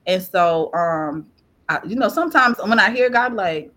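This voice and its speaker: A woman guest on a podcast, sharing a personal faith testimony in an animated, laughing, tearful storytelling way. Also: medium pitch, a little slow. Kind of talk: testimony in casual chat.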